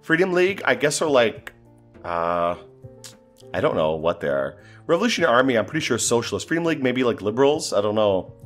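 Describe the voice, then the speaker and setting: A man's voice: medium pitch, sing-song, brisk, faint music behind. A man giving casual, exasperated gameplay commentary, talking to himself and swearing as things go wrong. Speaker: gaming commentator.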